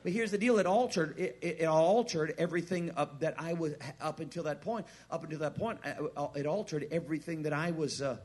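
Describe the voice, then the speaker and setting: A man preaching a sermon, asking the crowd questions, repeating his words and swinging from hushed to loud. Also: fairly high pitch, brisk, few pauses. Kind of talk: sermon with a personal story.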